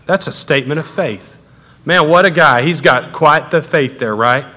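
A man preaches in a loose, conversational way that keeps building in force. His voice sits a bit high and sounds bright and pushed forward. The long reverb of a large hall trails after his words. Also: a little fast. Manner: animated, conversational preaching with rising intensity. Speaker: pastor. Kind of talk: sermon.

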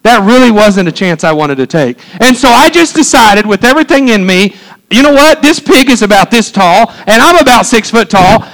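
Emphatic high-voiced preacher man. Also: moderate pace, few pauses, poor audio. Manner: animated, emphatic, exclaims sound effects. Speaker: pastor. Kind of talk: sermon with personal story.

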